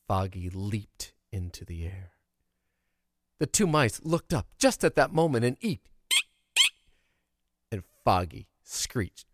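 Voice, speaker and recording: A man telling a folksy childhood tale in an animated, expressive way. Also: mid-range voice, no echo, clean studio sound. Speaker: storyteller. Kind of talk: oral storytelling of a childhood tale.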